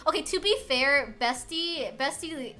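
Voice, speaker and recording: A young woman streamer telling a story in a high, bright voice, animated and filler-heavy. Faint music plays underneath. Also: a little slow. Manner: animated, laughing, lots of filler words. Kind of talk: casual storytelling chat.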